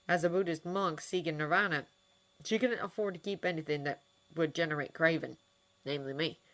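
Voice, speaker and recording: A woman voicing a kind, wry adult man who is a doctor and mentor, speaking earnestly and with gentle teasing. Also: low-pitched, a little fast.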